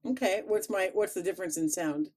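A woman with a Chicago accent, chatting casually as a podcast co-host, animated and quick to laugh. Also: mid-range voice. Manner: animated, laughs often, playful. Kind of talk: casual chat.

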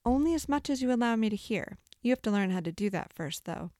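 A woman voicing a calm, gentle otherworldly woman who speaks smoothly and reassuringly. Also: fairly high pitch, fast talker, no echo, studio quality, close to an everyday voice. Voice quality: smooth and clear. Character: calm, gentle woman spirit with a slight accent.

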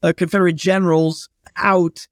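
Man, historian guest, higher-pitched, chatty anecdotal delivery, dry close sound. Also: flat delivery, moderate pace, no room sound. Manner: anecdotal, chatty with fillers and restarts. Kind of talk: casual storytelling interview.

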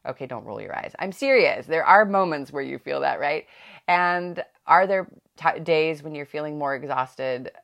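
A woman's voice: low-pitched, lively intonation, normal speed, creaky, fairly bright tone. A middle-aged woman hosting a parenting podcast, talking in a chatty, reflective way with frequent laughs and restarts. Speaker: podcast host.

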